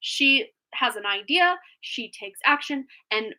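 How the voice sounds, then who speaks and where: A woman's voice: sits high, lively intonation, takes it slowly, bright, forceful tone. A woman reading tarot on a live stream, chatting casually in a rambling way with frequent laughs, a little phlegmy after being sick.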